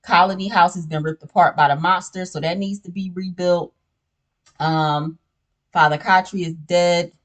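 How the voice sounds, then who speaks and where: A woman's voice: on the low side, fairly even intonation, moderate pace. A woman hosting a casual spoiler recap of a TV show. She talks in a chatty, slangy way and keeps asking "you know what I'm saying". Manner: sips a drink while talking.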